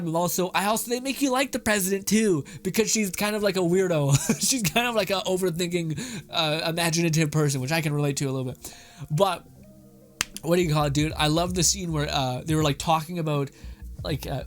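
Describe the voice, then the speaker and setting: A man hosting a casual anime reaction talk, animated and gushing, swearing often. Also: fairly high pitch, a little fast. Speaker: anime commentary host.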